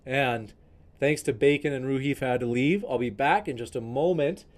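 A man's voice: mid-range voice, moderate pace. A man hosting a live-streamed debate podcast, chatting in a rambling, enthusiastic way and talking straight to his viewers. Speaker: debate show host.

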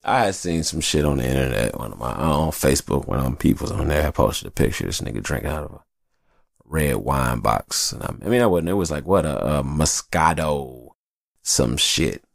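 A man hosting a podcast alone, talking in a casual, rambling and profane monologue, telling stories in an animated way. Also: extremely low pitch, a little fast, creaky, dry recording, studio quality. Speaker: podcast host.

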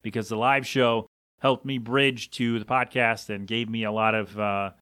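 A man's voice: lowish voice, flat delivery, moderate pace, fairly bright tone, no echo, studio quality. A man in his thirties hosting his own podcast, rambling through a story in a loose, self-deprecating way with lots of fillers. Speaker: podcast host and radio host. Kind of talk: casual solo podcast rambling.

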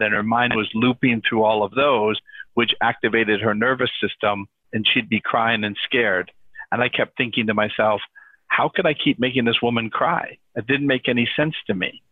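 A man calmly explaining and telling stories as a guest therapist on a podcast. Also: mid-range voice, dry recording. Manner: calm, explanatory storyteller. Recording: dry, tinny phone-like line.

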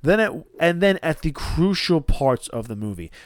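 A man's voice: fairly high pitch, moderate pace, no room sound, clean studio sound. Rambling, profane New man. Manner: rambling, profane, animated retelling with restarts. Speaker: podcast co-host. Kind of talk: casual podcast storytelling.

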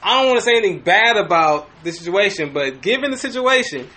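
A man on a podcast casually telling a story, animated and profane, with frequent restarts. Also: high-pitched, fast. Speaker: podcast host.

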